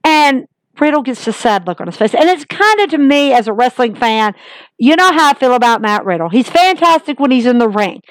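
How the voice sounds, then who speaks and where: A woman's voice: high-pitched, sing-song, fairly quick, no echo. A woman hosting a casual wrestling recap, chatty and enthusiastic, acting out the wrestlers' lines.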